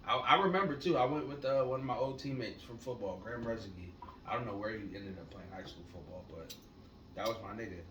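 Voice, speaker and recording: A man co-hosting a casual podcast, telling stories in a laid-back, profane way that gets loud when he is excited. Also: on the low side, fast, muffled recording. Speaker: podcast co-host. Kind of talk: casual storytelling chat. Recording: echoey room, mic at a distance, noisy.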